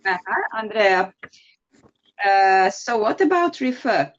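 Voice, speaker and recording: A woman's voice: medium pitch, sing-song, takes it slowly, lo-fi sound. A woman with a Serbian accent teaching an English grammar class online, patient and encouraging as she explains step by step.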